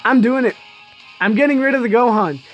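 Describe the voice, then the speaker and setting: A woman giving excitable live commentary on a mobile game, laughing often and talking straight to her viewers. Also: on the high side, fairly quick, dull audio, faint music behind. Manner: chatty, addresses viewers as y'all.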